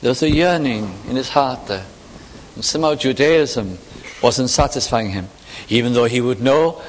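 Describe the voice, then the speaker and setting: Earnest preacher in a reverberant hall. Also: male voice, mid-range voice, moderate pace. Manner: earnest, reflective, with rising emphatic questions. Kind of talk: sermon.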